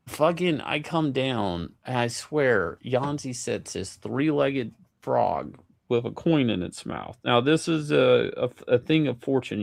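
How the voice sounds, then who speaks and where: A man telling a casual story in an animated, profane way, with many stammering restarts. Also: medium pitch, creaky.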